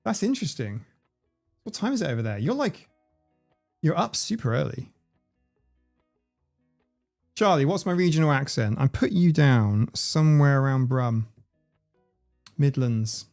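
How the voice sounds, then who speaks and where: A man's voice: medium pitch, lively intonation, unhurried, vocal fry, pauses often, a little mellow, faint music behind. A man, hosting a casual livestream and reading out viewers' comments in a chatty, playful way. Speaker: livestream host.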